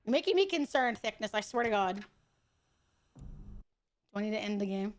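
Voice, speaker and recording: A woman streaming a horror game and joking with friends on a call, swearing freely and laughing loudly. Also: mid-range voice, lively intonation, moderate pace. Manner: profane, joking, loud laughs. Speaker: VTuber streamer. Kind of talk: casual gaming stream chat.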